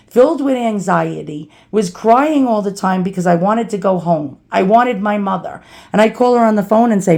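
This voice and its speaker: A woman's voice: mid-range voice, a little mellow. A woman from New City, casually telling a personal story and acting out the people in it. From New York City. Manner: chatty, acts out quoted people. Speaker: storyteller vlogger.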